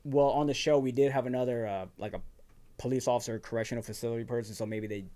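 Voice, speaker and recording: A man's voice: mid-range voice, fairly even intonation, quick pace, warm tone. A man from Virginia with a slight Southern twang, a firefighter guest telling stories casually and acting out quoted asides. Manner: laid-back, drops into quoted asides, laughs often. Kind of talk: casual storytelling.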